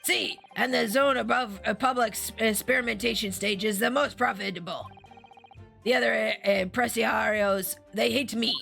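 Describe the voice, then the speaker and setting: A woman doing a gravelly, showy Italian balloon man. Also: fairly high pitch, steady tone, normal speed, fairly bright tone, soft background music. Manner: theatrical mock Italian accent. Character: boastful Italian male balloon operator.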